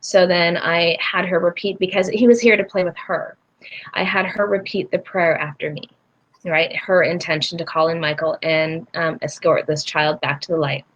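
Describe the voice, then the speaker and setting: Animated woman telling a personal story. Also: lowish voice, normal speed, dull audio. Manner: animated, acts out voices in her stories. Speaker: guest, spiritual healer. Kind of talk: casual storytelling.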